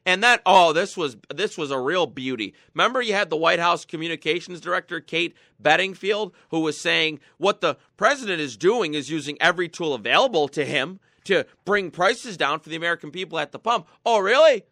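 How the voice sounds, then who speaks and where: A man's voice: on the high side, animated, brisk, few pauses, pushed and bright, no room sound, studio quality. A man hosting a political talk show, ranting sarcastically and mocking his targets. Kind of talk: political commentary.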